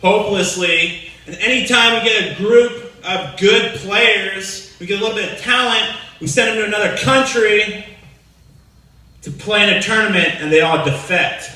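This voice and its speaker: A man from Pakistan doing a stand-up set in a live comedy club, mixing deadpan jokes with excited bursts. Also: high voice, normal speed. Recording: echoey club from far off.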